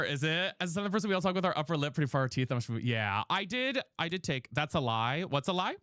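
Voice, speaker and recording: A woman chatting casually with viewers while streaming a game, playful and quick to thank people for gifts, just over an ear and respiratory infection. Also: very deep voice, dry recording, clean studio sound. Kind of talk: casual live-stream chat while gaming.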